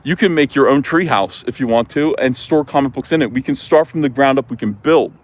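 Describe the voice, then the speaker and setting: A man's voice: mid-range voice, a little fast. A man hosting a livestream as a comics publisher, delivering a rambling, bombastic, mock-patriotic rant full of "uh" fillers.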